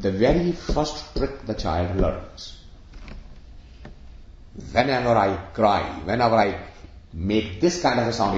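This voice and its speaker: A man giving a spiritual discourse to an audience, explaining with everyday examples and questions. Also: fairly low pitch. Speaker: spiritual teacher. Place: room with an audience of about sixty. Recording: echoey room, dull lo-fi sound.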